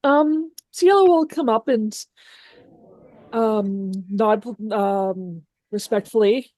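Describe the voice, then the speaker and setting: A woman's voice: a little high, takes it slowly, mellow, no room sound. A woman speaking as a player in a tabletop game, hesitant and apologetic. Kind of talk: casual tabletop play.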